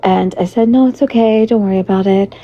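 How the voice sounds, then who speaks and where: A woman livestreaming in a loose, rambling way, greeting her viewers and fighting a hoarse, fading voice. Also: medium pitch, fairly quick, warm tone. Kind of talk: casual livestream chat. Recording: dull lo-fi stream audio with faint noise.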